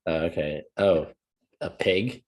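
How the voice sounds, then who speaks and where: A man's voice: sits low, slow. A man co-hosting a casual podcast, giving short replies and laughing easily. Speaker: podcast co-host.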